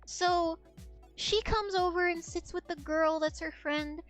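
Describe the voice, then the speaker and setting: A woman's voice: extremely high pitch, measured pace, faint music behind. A woman streamer telling a long, rambling anecdote in casual chat, swearing freely and acting out what others said. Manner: rambling, animated anecdote with swearing and acted-out quotes.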